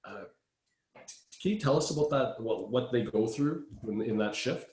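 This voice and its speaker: A man's voice: medium pitch, animated, normal speed, a little mellow, roomy sound. A man hosting a conference panel, asking friendly questions with frequent fillers and restarts. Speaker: panel host.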